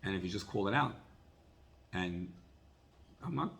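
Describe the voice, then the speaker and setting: A man teaching a Torah class as a rabbi, telling a story in an animated way and often repeating words. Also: low voice, moderate pace, creaky.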